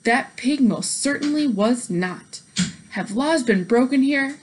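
A woman voicing a stern, by-the-book male police officer who speaks loudly and officially in a storybook reading. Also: sits high, lively intonation, slow pace, slight background noise, voice pushed up.

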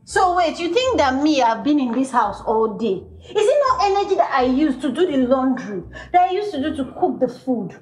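Brief: a woman as a fervent, preachy Nigerian wife, very high voice, echoey room, music under. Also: very animated, moderate pace, few pauses. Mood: defensive. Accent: Nigerian English. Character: pious, combative young wife Nancy who prays loudly. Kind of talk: Nollywood film acting.

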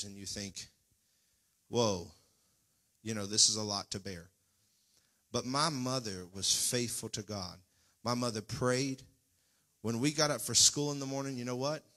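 A man's voice: mid-range voice, sharp tone. A man pastor preaching a Pentecostal sermon in a church, folksy and fervent, at times rising into near-singing cries. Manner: folksy, talks straight to the congregation. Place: church sanctuary.

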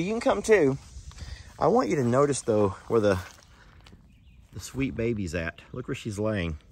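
A man, a ranch vlogger chatting folksily to the camera outdoors in a hot pasture, sometimes hushing and sometimes cooing at his animals. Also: medium pitch. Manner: chatty and folksy, shifts between loud and hushed, coos at animals. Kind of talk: casual vlog talk to camera.

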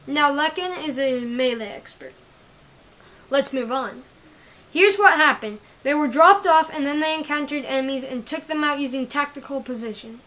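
A woman's voice: sits high, pushed and bright, rough recording. A woman reading her own action story aloud, stumbling and correcting herself often. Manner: halting, often restarting and correcting words. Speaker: story reader.

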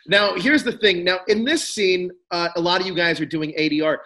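A man hosts a casual interview over a call, throwing out eager questions at a fast clip. His voice sits a little high and sounds bright. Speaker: host. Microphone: phone call.

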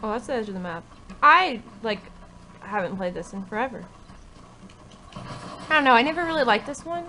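A woman's voice: fairly high pitch, animated, moderate pace, long pauses, bright, forceful tone. A woman playing a video game at home, chatting casually in a flustered, self-mocking way about how badly she is doing. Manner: flustered, self-mocking, laughs at her own play. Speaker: gamer. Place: home, in front of a TV. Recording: noisy game audio behind.

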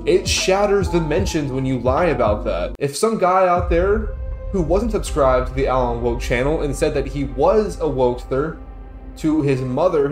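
A fairly high-voiced man ranting with sarcastic, foul-mouthed glee as he reacts to a clip. His voice bounces around a roomy, echoey space, and music plays underneath. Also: a little mellow. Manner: sarcastic, profane, mock-hyped rants. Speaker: commentary youtuber. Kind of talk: comedic reaction commentary.

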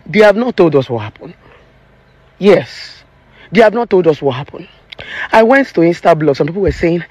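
A woman's voice: on the low side, expressive, a little fast, a little mellow, slightly rough, dry recording. Emphatic Nigerian woman ranting. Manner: emphatic and preachy, slipping into Pidgin. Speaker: relationship therapist. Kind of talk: opinion vlog rant.

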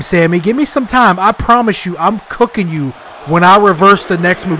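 A young man giving excitable, frustrated live commentary while playing a video game, trash-talking and yelling at the screen. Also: high-pitched, moderate pace, a little hiss or hum. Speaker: gaming YouTuber.

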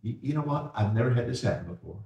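A man preaching an evening sermon as pastor, folksy, repeating words and slowing down on key phrases. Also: mid-range voice, lively intonation, gravelly, recorded from a distance, highs cut off. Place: church sanctuary. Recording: echoey church from afar.

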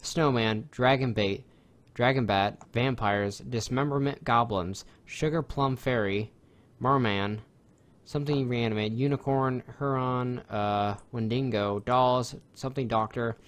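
A young man co-hosting a podcast, talking in a rambling, excitable way with lots of fillers and swearing. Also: medium pitch, unhurried. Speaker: podcast co-host. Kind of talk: casual chat.

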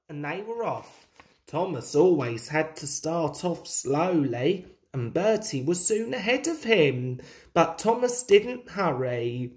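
A woman reads a children's storybook aloud in a gentle, confiding way. She takes her time, and her voice sits low but moves a lot in pitch. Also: big pitch swings, slow pace.

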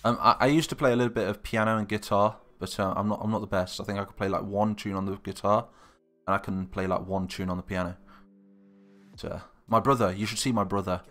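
Low-voiced man thinking aloud. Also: steady tone, fast talker, a bit bright, soft background music. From England. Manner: thinks aloud, hesitant, muttering asides. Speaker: live streamer. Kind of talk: casual live-stream chat.

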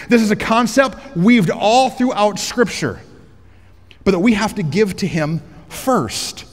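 A pastor preaching a sermon on a headset mic in a large church auditorium, energetic and joking, rising to shouts for emphasis. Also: male voice, high-pitched, slow, in a large hall.

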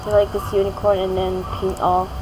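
A woman's voice: mid-range voice, completely flat delivery, a little fast, background noise. A young woman giving casual gameplay commentary as a gaming YouTuber, rambling and giggly with many fillers.

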